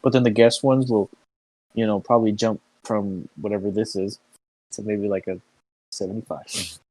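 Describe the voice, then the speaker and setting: A man's voice: fairly low pitch, fairly even intonation, normal speed, darkish tone, no room sound, poor audio. A young man co-hosting a podcast, chatting casually in an easygoing way, often restarting and repeating words, recorded in a car. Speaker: podcast co-host. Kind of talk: casual chat. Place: inside a car.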